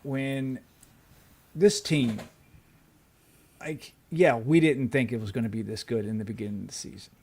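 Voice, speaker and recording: A man's voice: medium pitch, normal speed, pauses often, darkish tone. A man co-hosting a sports podcast, ranting with lots of swearing and restarts. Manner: ranting, profane, many restarts. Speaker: podcast co-host. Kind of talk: heated sports podcast chat.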